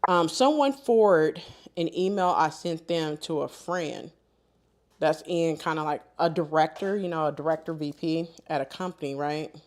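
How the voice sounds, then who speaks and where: A middle-aged woman hosting a live sewing stream, telling stories in animated, colloquial casual chat and laughing often. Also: sits low, moderate pace.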